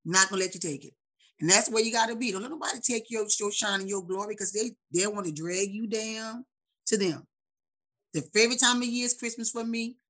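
Animated husky-voiced woman chatting. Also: on the high side, fairly quick. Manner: animated, preachy, laughing often. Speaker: guest. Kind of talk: casual chat.

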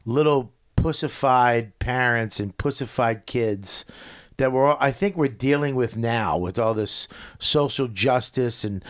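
A man's voice: mid-range voice, unhurried. A man in casual chat, talking bluntly and swearing freely. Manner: blunt, profane, emphatic.

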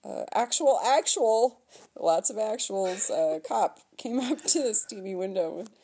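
Playful woman with a mellow voice. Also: medium pitch, sing-song, normal speed, vocal fry, a little hiss or hum. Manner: laughs often, playful and teasing. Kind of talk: casual chat.

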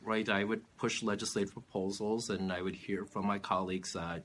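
Deep voiced guy, steady interview answers, lots of uhs, faint hum behind. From California. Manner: measured, steady, with many "uh" fillers. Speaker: political candidate.

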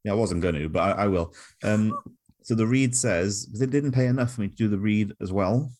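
A young man with a fairly low voice co-hosts a laid-back comedy podcast. He delivers absurd sponsor reads flat and deadpan, as if they were perfectly normal. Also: brisk. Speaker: podcast co-host. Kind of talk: casual comedic podcast chat.

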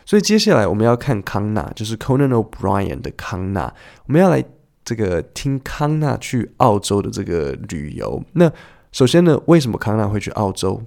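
A man's voice: on the low side, big pitch swings, moderate pace, creaky, a little mellow. A man teaching English in a chatty, playful way, acting out short dialogues as he explains clips.

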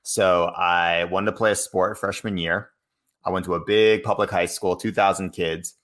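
A man in his thirties from Cambridge, Massachusetts, a guest telling stories in casual talk, animated and laughing often. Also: low voice, normal speed. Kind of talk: casual storytelling.

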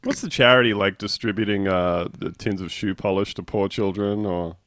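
A man's voice: lowish voice, steady tone, normal speed, a bit bright, no echo, clean studio sound. A man co-hosting a podcast, chatting casually and reading a story aloud in a playful, voice-doing way. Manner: playful, reads news aloud with mock voices. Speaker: podcast co-host. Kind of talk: casual comedic podcast chat.

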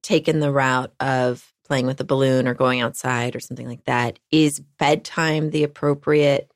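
A woman's voice: very deep voice, steady tone, normal speed, no echo, clean studio sound. A woman podcast host speaking candidly and with some exasperation in conversation. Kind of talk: conversational interview.

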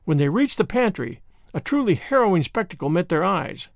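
A man narrating a classic novel in an expressive, measured storybook reading. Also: high voice, vocal fry, no echo, studio quality.

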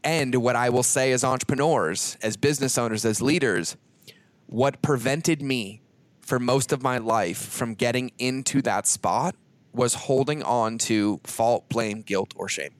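A man's voice: mid-range voice, unhurried, no echo. A man hosting a podcast in a casual conversation, talking emphatically and swearing freely. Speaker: podcast host.

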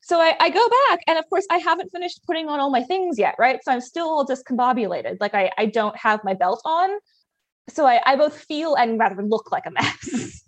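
A woman in her twenties telling a personal story in a lively, expressive, self-mocking way. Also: high-pitched, normal speed.

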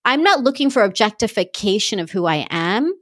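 A woman's voice: medium pitch, big pitch swings, brisk, a bit bright. A playful woman with a mid-range voice tells stories in a casual chat. She acts out bits of dialogue expressively, and the sound is dry and close with no room echo.

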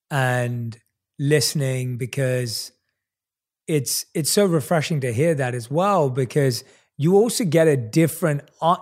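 A man hosting an interview, affirming his guest's answers and asking reflective questions. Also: mid-range voice. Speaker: podcast host. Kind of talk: conversational interview.

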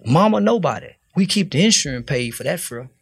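A man talks in a blunt, profane street style, preaching his point. His voice sits high for a man and has a gravelly edge. The recording is close and dry. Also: sing-song, fast, dry recording. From Fort Worth, Texas. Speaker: interview guest. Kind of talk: casual interview talk.

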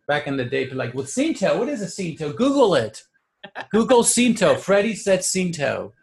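Animated gravelly man in his forties. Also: high voice, moderate pace. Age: 40s. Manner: animated, mixes in Spanish phrases, acts out people's voices. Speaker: podcast co-host. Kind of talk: casual chat.

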